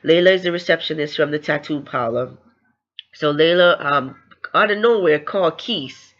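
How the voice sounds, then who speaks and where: A woman's voice: deep voice, normal speed, fairly bright tone, dull audio. A woman giving a casual book recap, chatty and loose, often slipping into the characters' lines as she retells the story. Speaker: book reviewer.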